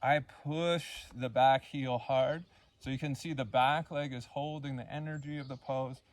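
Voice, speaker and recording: Slow, calm male yoga instructor. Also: mid-range voice. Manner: calm, unhurried cueing with counted breaths. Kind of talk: guided yoga class instruction.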